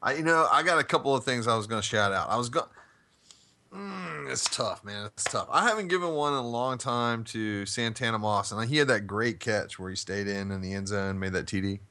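A man with a bright, forward voice talks football casually on a podcast. He is easygoing and playful. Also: mid-range voice, a little fast. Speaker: podcast co-host. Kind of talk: casual sports chat.

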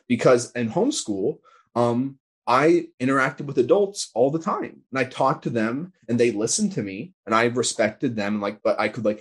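A young man talking casually as a podcast guest, quick and chatty, with lots of "like" fillers. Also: medium pitch, slightly rough. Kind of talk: casual conversation.

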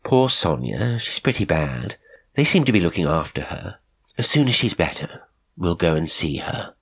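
Brisk polite society lady, a bit higher, quick, man doing her voice. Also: big pitch swings, breathy edge, full character voice. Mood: concerned. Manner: brisk, polite, lightly raised voice. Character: chatty society woman friend, brisk and concerned.

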